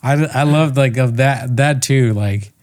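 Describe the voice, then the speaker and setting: A man's voice: medium pitch, a little slow, a little mellow. A man co-hosting a casual comedy podcast, rambling and laughing between crude jokes. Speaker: podcast co-host.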